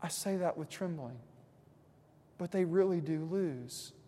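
A man preaching a sermon as pastor, moving between hushed, reflective passages and emphatic, rising points, with casual conversational asides. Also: fairly high pitch, measured pace, big-room sound.

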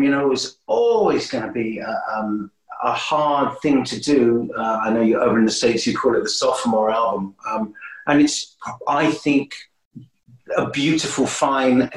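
A man guesting on an interview, telling stories in a lively, animated way with many restarts. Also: a little slow. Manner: animated, swooping pitch, frequent restarts. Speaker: guest musician. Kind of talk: casual interview storytelling. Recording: roomy echo.

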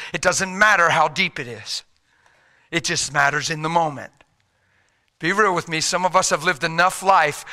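Middle-aged male pastor, sharp bright tone, slightly high; folksy sermon, loud urgent pushes and hushed quiet stretches. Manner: swings between loud urgent exhortation and quiet intimate hush; folksy, plain-spoken preaching.

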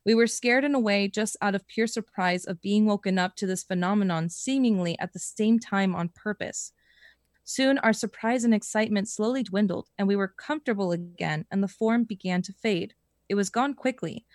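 A woman's voice: medium pitch, moderate pace, no echo, clean studio sound. Woman reading a story aloud. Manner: expressive reading, breaks into laughter and swearing. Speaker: podcast co-host reading listener stories.

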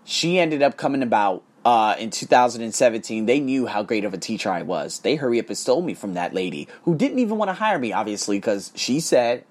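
A husky voice rants straight to camera, pitch leaping up and dropping low as the points land. The talk is profane and emphatic, heated but loose and conversational, like an unscripted vlog. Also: expressive, fairly quick, hardly any pauses. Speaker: English teacher in Bangkok. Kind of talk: casual ranting vlog.

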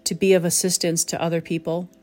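A woman hosting a reflective spoken talk as a medium, gentle and pausing to search for the right words. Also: lowish voice, level tone, soft background music. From southern New England. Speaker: psychic medium, host.

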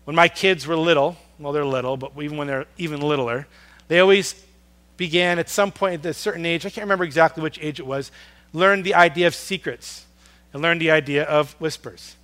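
Bright-voiced preacher man, hushed to booming. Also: fairly even intonation, fairly quick. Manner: dramatic swings in loudness, dropping to a hush on soft words; earnest, storytelling. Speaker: pastor. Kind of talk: sermon.

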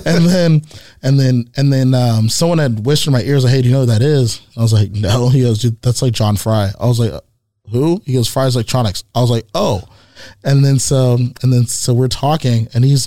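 Man telling a lively story. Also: mid-range voice, no echo, clean studio sound. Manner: animated anecdote-teller, laughs often, heavy use of "like". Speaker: guest. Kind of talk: casual storytelling chat.

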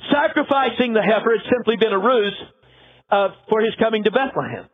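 A man's voice: sits high, brisk. A man pastor preaching a sermon, telling a biblical story with dramatic flair and acting out the characters. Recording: tinny phone-like sound.

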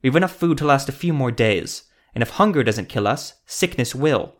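A man's voice: medium pitch, expressive, moderate pace, close to an everyday voice. A man voicing a blunt, dismissive scarred female elf commando leader in an audiobook.

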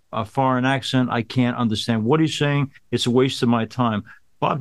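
A man hosting an interview show, talking in an even, measured way and pausing on small hesitations. His voice sits in a middle pitch for a man. The sound is dry and close, with little room around it. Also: dry recording.

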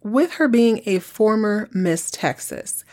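Animated woman recapping a TV drama. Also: medium pitch, takes it slowly. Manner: animated, emphatic storytelling with repeated phrases. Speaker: podcast host recapping a TV episode. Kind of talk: casual chat.

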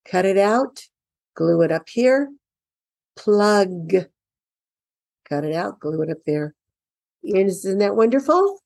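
A woman's voice: mid-range voice, sing-song, slow, gravelly, pauses often, a little mellow, no echo. A woman in her fifties, a parent, walks through a children's reading workbook in an enthusiastic, encouraging lesson. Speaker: parent teaching early reading.

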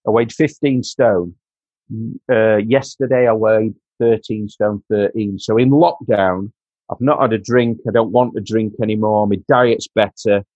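A man's voice: lowish voice, steady tone, normal speed, darkish tone, dry recording, highs cut off. A man from Doncaster with a Yorkshire accent, telling his story as a podcast guest earnestly, repeating himself and calling the host mate. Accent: Yorkshire English. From Doncaster, England. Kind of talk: candid personal storytelling.

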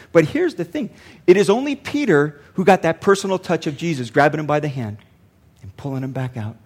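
An older man, a pastor, preaching a sermon earnestly and repeating lines for emphasis. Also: high-pitched.

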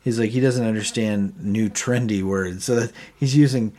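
A man's voice: lowish voice, normal speed, warm tone. A man co-hosting a podcast, chatting casually and retelling TV scenes in detail. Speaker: podcast co-host. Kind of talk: casual recap chat.

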